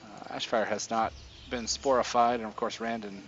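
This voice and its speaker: Game master, male, mid-pitched, easygoing narration with fillers, dull lo-fi stream audio with faint hiss. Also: moderate pace. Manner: relaxed, chuckling, filler-heavy narration.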